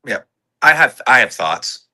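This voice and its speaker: A man with a very bright, sharp voice talks films on a podcast. He thinks aloud and weighs his theories at a middling pitch. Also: very animated, a little slow. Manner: thoughtful, speculates about what comes next. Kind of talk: casual movie review chat.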